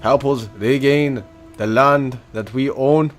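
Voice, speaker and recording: A man putting on a Scottish accent and playing a boisterous Scottish warrior, loud and declaiming. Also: medium pitch, takes it slowly, soft background music, voice pushed up, lightly acted. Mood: rousing. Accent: put-on Scottish.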